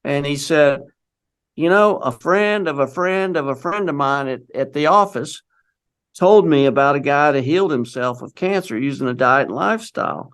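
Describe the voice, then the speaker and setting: A middle-aged man, a guest on the show, tells a personal story in a loose, wandering way, restarting often and quoting what other people said to him. His voice is a little high and slightly bright, with a clean tone, lively intonation and a moderate pace.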